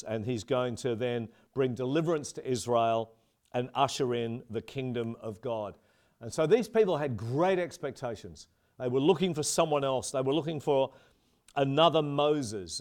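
A male pastor preaches to his congregation in an earnest, steady voice of middling pitch. He slows down on key phrases to give them weight. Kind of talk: sermon.

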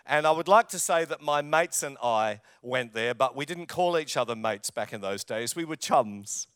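Older English-born pastor, smooth voice. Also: male voice, medium pitch, expressive, normal speed, fairly bright tone, no echo, studio quality. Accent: English, lives in Australia. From England. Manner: humorous storytelling, jokes with audience. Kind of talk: sermon with personal anecdotes.

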